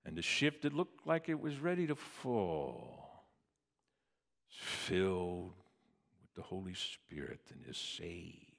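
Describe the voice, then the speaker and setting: Male preacher, unhurried delivery, hushed lows and booming highs, reverberant church hall. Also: sing-song, creaky. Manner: dramatic swings from hushed to booming. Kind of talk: sermon.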